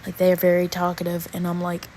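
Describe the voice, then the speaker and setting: A woman's voice: on the low side, completely flat delivery, dark tone, a little hiss or hum, rough recording. A teenage girl telling a storytime rant in a casual, exasperated, slangy way. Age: teens. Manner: exasperated, slangy, drawn-out pauses. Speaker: vlogger.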